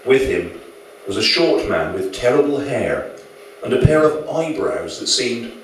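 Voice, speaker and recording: Man reading his own novel live, wry lively delivery, big echoey room, mic far away. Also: mid-range voice, a little slow, a little hiss or hum. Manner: dry, wry storytelling. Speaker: author.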